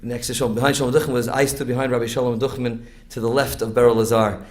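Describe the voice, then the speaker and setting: A man introducing the evening's speaker with personal memories. His voice is mid-pitched and plainly conversational. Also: little pitch movement, fast talker. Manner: personal, reminiscing. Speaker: event introducer.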